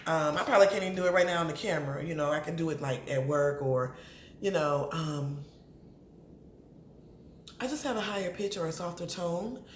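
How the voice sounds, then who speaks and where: A woman's voice: low voice, brisk, pauses often. A woman, chatting casually to camera as she reviews a reality show and talks straight to its people. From Atlanta. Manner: chatty, animated, addresses people on the show directly. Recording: roomy echo, faint background noise.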